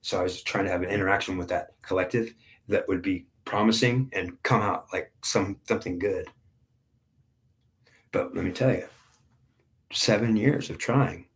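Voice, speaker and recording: A man in his fifties giving an intense spiritual monologue, repeating himself and stumbling over restarts. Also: low voice. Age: 50s. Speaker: spiritual reader.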